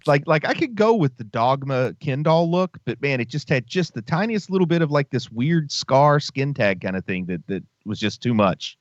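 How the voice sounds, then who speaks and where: A man co-hosting a movie podcast in loose, jokey chat. His pitch swings widely from phrase to phrase. The sound is dull and dry, with little room around it. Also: moderate pace, hardly any pauses, dry recording. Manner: animated, jokey, says "man" often. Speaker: podcast co-host. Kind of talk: casual chat.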